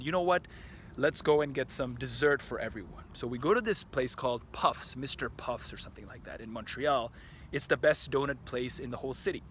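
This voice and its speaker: A man vlogging outdoors at a park tennis court, telling a story to his camera in an excitable, rambling, profane way full of restarts. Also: mid-range voice, slight background noise.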